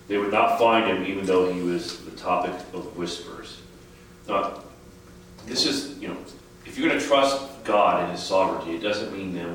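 Man, low voice, casual Bible study leader questioning the group, echoey room, heard from a distance. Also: normal speed, a bit bright, a little hiss or hum. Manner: asks the group questions, conversational. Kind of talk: informal Bible study teaching. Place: church room.

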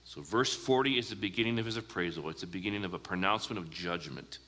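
Guy preaching a sermon, bright ringing voice, lots of hall reverb. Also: sits low. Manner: earnest preaching with rhetorical questions and slow emphatic pauses. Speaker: pastor.

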